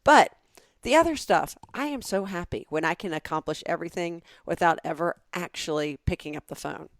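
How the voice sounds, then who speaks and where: A woman from the American South co-hosts a relaxed chat, speaking with emphatic conviction. Her voice is on the lower side. The recording is dry and close. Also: brisk, no echo. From southern United States. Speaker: podcast co-host. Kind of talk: casual chat.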